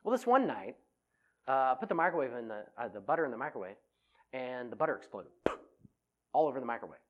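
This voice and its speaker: A man's voice: medium pitch, fast talker, highs cut off. A middle-aged man giving a humorous talk to an audience on personality types, telling self-mocking stories. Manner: animated, self-mocking storytelling.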